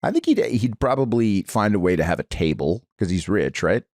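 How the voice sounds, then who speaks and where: Casting: young man, lowish voice with lively swings, dry mic, excitable teasing co-host. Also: brisk, dry recording. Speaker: podcast co-host. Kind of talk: casual chat.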